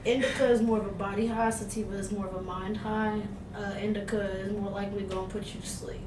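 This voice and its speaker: A woman's voice: medium pitch, flat delivery, fast. A young woman co-hosting a podcast, talking bluntly and profanely with her lifelong friend. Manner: blunt, profane, laughing banter. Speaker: podcast co-host. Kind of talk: casual chat. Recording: echoey, distant mic with crowd noise.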